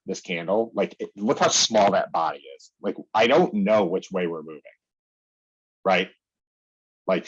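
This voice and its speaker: A man's voice: deep voice, slightly rough, dull audio. A young man casually walking through trading charts on his screen, chatty, peppering his talk with "like" and "okay" and acting out his own reactions. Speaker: day trading educator.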